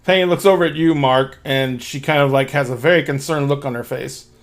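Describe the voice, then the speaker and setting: A man's voice: mid-range voice, brisk. A man narrating as game master of a tabletop game, loose and full of fillers.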